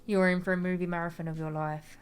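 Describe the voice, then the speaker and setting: A young woman chats through a game stream in a relaxed, rambling way, often giggling. Her voice sits a little low. Faint music plays under her. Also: quick pace, clear, resonant tone. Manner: chatty, giggly, reads chat aloud. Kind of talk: casual livestream chat.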